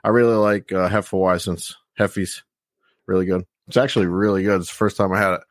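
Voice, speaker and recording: A man's voice: sits low, fairly even intonation, brisk, no echo, studio quality. A man hosting a podcast, talking in an easygoing, rambling way with plenty of fillers. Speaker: podcast host. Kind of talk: casual chat.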